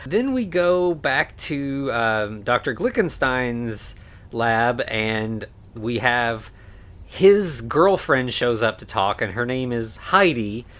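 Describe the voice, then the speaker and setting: A man co-hosting a casual podcast, walking through a film's plot. He rambles and leans on fillers, breaking into quick laughs. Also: mid-range voice, animated, a bit bright. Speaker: podcast co-host. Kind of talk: casual movie recap chat.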